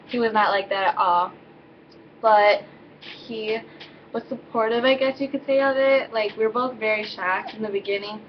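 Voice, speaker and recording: A woman's voice: medium pitch, fairly even intonation, moderate pace, lo-fi sound, a little hiss or hum. A teenage girl telling a personal story in a loose, rambling way, full of fillers and self-corrections, recorded at home. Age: teens. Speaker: vlogger. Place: home, indoors with baby.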